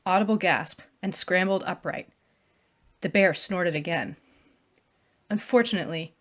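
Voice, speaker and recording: A woman, an author, narrating her own first-person adventure novel in a hushed, even storytelling manner. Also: lowish voice.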